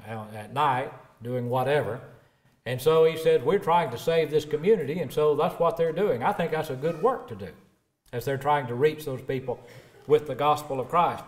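A middle-aged preacher, his voice sitting a touch higher than most men's. He swells loud and emphatic when he quotes scripture, then sinks low and quiet to tell a story. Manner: rises emphatic for scripture, drops low and soft for stories. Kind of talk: sermon.

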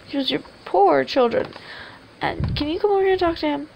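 A woman's voice: high voice, fairly quick, vocal fry, a little mellow, muffled recording, a little hiss or hum. A woman giving casual, rambling commentary over her game and coaxing the characters aloud. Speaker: gameplay video host. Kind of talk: casual let's-play commentary.

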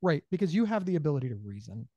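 Animated high-voiced man explaining. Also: very fast, no room sound, highs cut off. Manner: animated, acts out dialogue in changing voices; repeats words at starts, checks in with "right?". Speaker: bipolar disorder advocate. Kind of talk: conversational interview answers.

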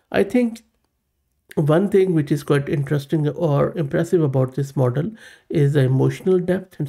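Gravelly, mellow tech host. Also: male voice, on the high side. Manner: casual, thinking aloud with fillers. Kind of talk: tutorial screen demo.

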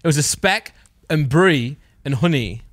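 A man's voice: a little high, animated, unhurried, no echo. A young man co-hosting a podcast, chatting and telling stories with laughs and restarts. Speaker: podcast co-host. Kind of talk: casual chat.

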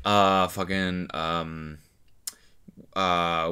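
A man's voice: low-pitched, takes it slowly, fairly bright tone, clear, resonant tone. A man giving sarcastic, profane comedic commentary while reacting to a video, often mocking the people in it.

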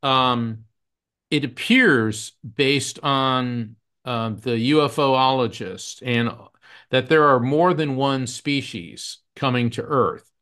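A man's voice: medium pitch, slow pace, fairly bright tone, smooth. A man who works as a psychic medium, telling earnest anecdotes as a podcast guest. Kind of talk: podcast storytelling.

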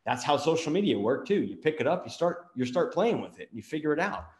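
A middle-aged man hosting a motivational business talk, energetic, firing off rapid rhetorical questions. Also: a little high, reverberant. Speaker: marketing agency owner and show host.

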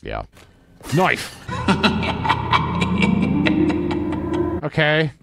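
A man giving casual gameplay commentary, animated and swearing, often shouting at the game and mocking himself. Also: a little high, drawn-out words, creaky, over loud music. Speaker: let's play host.

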